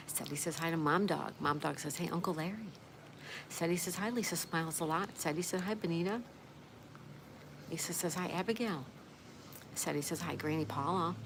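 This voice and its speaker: Low-voiced woman hosting a chatty stream. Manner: friendly, greets viewers by name one after another. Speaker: livestream host. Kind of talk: casual chat, reading viewer comments aloud. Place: outdoors. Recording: steady outdoor background noise.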